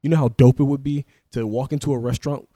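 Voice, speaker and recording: Brief: male podcast co-host, quick delivery, dry close sound, swears and jokes at his own expense. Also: mid-range voice, steady tone, dark tone, no room sound. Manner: fast, rambling, profane, self-deprecating. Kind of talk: casual comedic chat.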